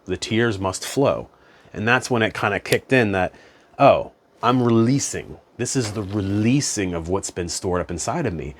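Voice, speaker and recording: A man's voice: on the low side, normal speed, a little hiss or hum. A man talking as a spiritual self-help coach in a casual, conversational monologue, often saying "you know" and "man".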